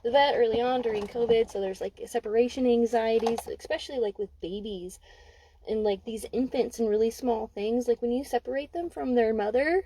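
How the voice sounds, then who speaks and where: A woman's voice: fairly high pitch, brisk, background noise. A young adult woman giving a casual spoken card reading, candid and emphatic, swearing freely. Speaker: intuitive card reader. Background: dog barking.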